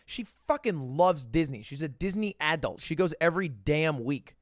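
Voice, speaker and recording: Animated young man telling a story. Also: moderate pace, hardly any pauses, no room sound, clean studio sound. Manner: animated, acts out quoted voices in high pitch. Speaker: streamer. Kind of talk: casual storytelling to chat. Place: home streaming room.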